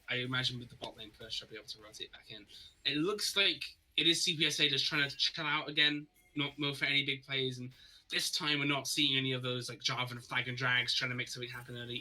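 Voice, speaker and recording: A man giving live play-by-play commentary on an esports match, reacting quickly and sometimes repeating words when excited. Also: medium pitch, poor audio. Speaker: esports caster.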